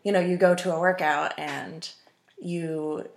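A woman's voice: fairly low pitch, fairly even intonation, unhurried, creaky, a little hiss or hum. A woman in her twenties, a runner guest on a podcast, chatting casually and rambling with many ums and restarts. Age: 20s. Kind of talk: casual interview chat.

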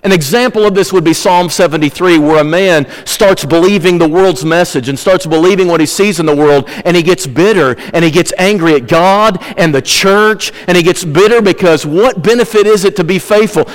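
A man preaching a sermon as a pastor, telling a story earnestly and dropping his voice low on key points. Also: moderate pace, big-room sound, rough recording. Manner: earnest storytelling preacher, varies pace, drops low for emphasis.

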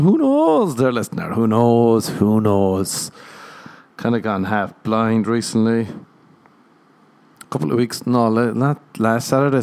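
A man's voice: mid-range voice, darkish tone, clear, resonant tone. A young man, a comedian hosting a podcast, telling rambling self-mocking stories in a casual monologue and laughing at his own jokes. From Ireland. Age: young adult.

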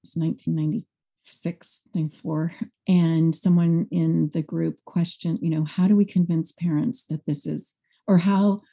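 A woman's voice: low-pitched, moderate pace, slightly rough. A woman school director as a podcast guest, talking expressively and acting out quotes in a conversational interview. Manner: expressive, animated, acts out quotes.

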